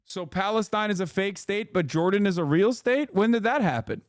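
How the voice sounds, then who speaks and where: A man's voice: high voice, lively intonation, normal speed, no room sound, clean studio sound. A man doing blunt, profane, sarcastic reaction commentary as a streamer host.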